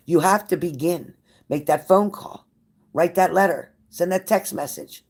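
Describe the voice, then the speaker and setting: A woman's voice: lowish voice, measured pace, a little mellow, breathy edge. A woman giving a live tarot reading to viewers, blunt and profane, with a pep-talk delivery that repeats phrases for emphasis. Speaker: tarot reader.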